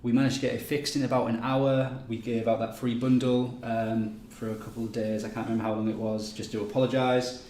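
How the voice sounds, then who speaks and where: A man's voice: medium pitch, level tone, brisk, few pauses, a little mellow. A man hosting a game live stream, running through upcoming events in a loose, chatty way with plenty of ums and restarts. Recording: echoey room with faint noise.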